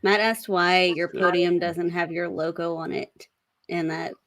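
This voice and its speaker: Stream co-host, female, slow and calm, dry mic. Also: fairly low pitch, dry recording. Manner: calm, reads out chat comments. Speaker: livestream co-host. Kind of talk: casual livestream chat.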